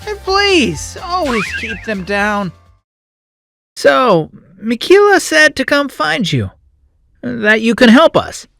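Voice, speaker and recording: Performer playing a curious little boy bunny, chatty and playful, unhurried, lively rises and falls, says y'all. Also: mid-range voice, creaky, faint music behind, exaggerated voice. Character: small young boy rabbit, curious and playful.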